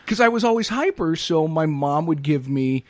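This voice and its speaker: With a fairly high, animated voice at a moderate pace and no echo, this middle-aged podcast co-host rambles through stories on a casual chat show, acting out snippets of dialogue and voices along the way.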